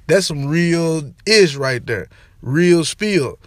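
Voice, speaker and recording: A young man ranting casually to camera as a sports and entertainment vlogger, slangy and animated, repeating his catchphrases. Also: a little high, slow pace, no room sound, studio quality. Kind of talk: casual opinion rant to camera.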